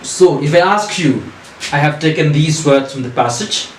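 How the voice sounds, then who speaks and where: A man teaching a recorded lesson, asking questions and answering them himself in a deliberate way. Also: a little high, animated, slight background noise. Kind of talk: recorded online English lesson. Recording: echoey room.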